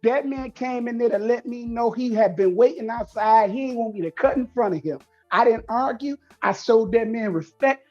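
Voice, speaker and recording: A man telling a story in casual chat, animated and acting out the people in it. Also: extremely high pitch, normal speed, hardly any pauses, lo-fi sound, soft background music. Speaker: show co-host.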